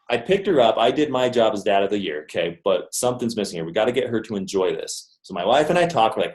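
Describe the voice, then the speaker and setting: A man's voice: medium pitch, expressive, quick pace, hardly any pauses, a little mellow. A man in his thirties telling a personal story to a live audience in a chatty, joking manner, often checking in with "okay?". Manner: conversational, jokey, keeps checking in with "okay?". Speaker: motivational speaker. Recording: roomy echo.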